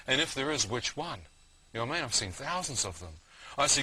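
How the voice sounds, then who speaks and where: A man's voice: mid-range voice, animated, fairly quick, sharp tone, slightly rough, rough recording. New man telling his story. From New Zealand. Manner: vivid, keeps saying "you know what I mean". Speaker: guest. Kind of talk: testimony storytelling.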